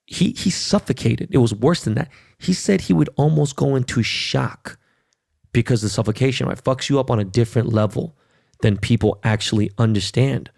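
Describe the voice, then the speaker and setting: A man's voice: medium pitch, moderate pace, creaky, a little mellow, no room sound, clean studio sound. A middle-aged man hosting a podcast, ranting in a casual, profane and emphatic way. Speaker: podcast host. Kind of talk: casual monologue.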